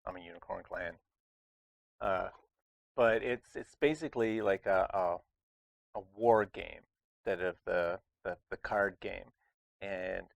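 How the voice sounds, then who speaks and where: A man's voice: lowish voice, vocal fry, dry recording. A man hosting a casual board game review, talking in a chatty, rambling way with lots of restarts. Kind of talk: casual chat.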